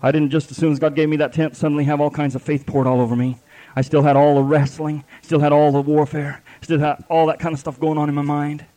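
High-voiced fervent male preacher. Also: little pitch movement, quick pace, warm tone. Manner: fervent, repetitive preaching with folksy grammar. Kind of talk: sermon.

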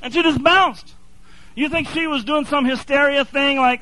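A man's voice: very high voice, big pitch swings, normal speed, bright, forceful tone, no echo, rough recording. A man preaching a sermon, impassioned and building to fervent repetition.

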